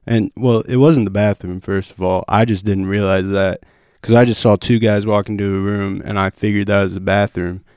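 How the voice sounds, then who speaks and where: A young man with a low, smooth, resonant voice tells a story on a casual podcast. He gets animated and swears freely, loudly acting out the quotes. The sound is close and dry. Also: moderate pace, no echo. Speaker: podcast co-host. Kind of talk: casual chat.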